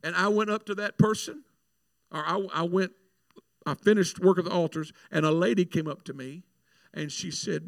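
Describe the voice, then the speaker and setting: Male preacher, testimony sermon, raised gravelly voice, animated storyteller, dry close sound. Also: high-pitched, normal speed, no echo. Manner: animated storytelling, repeats words. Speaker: minister praying at altars.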